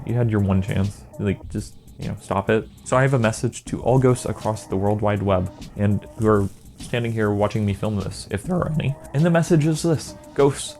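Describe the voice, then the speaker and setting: Sarcastic man ranting, low mellow voice. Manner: sarcastic, exasperated, exaggerated asides. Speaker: video creator. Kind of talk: comedic rant monologue. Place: indoor green-screen setup.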